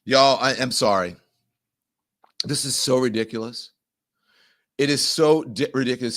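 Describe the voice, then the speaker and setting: A man hosting a show, giving animated, exasperated political commentary over news clips. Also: on the low side, normal speed. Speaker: show host.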